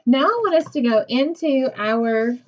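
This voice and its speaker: Teacher lady doing a kids reading lesson, slow and encouraging, kinda high voice, muffled lo-fi audio. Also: lively intonation. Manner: slow, patient, encouraging, asks questions to unseen pupils. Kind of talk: recorded classroom lesson for young children.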